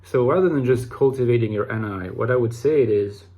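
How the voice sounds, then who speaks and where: A man's voice: medium pitch, fairly quick, warm tone. A man hosting an online channel, talking casually to camera in a reflective, rambling way, restarting phrases and using fillers. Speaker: YouTube host talking about personality types.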